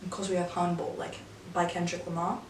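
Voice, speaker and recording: A woman's voice: lowish voice, level tone, a little fast, a little hiss or hum. Aussie woman chatting wry quiz commentary, swears a lot, roomy far-off sound. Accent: Australian. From Australia. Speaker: host of a quiz video. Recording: echoey room, mic set back.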